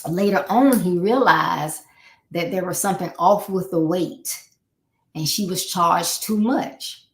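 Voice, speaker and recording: A woman's voice: fairly low pitch, slow pace. A woman life coach giving a motivational live talk in a conversational way, repeating her key points and acting out the people she quotes. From Florida. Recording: echoey room.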